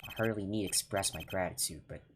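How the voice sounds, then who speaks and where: A man's voice: low-pitched, background noise. A man doing a cold poker master with a fake Russian accent. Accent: Russian put-on. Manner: slow, formal, intimidating. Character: cool, menacing male poker champion, older magician. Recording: loud game music underneath.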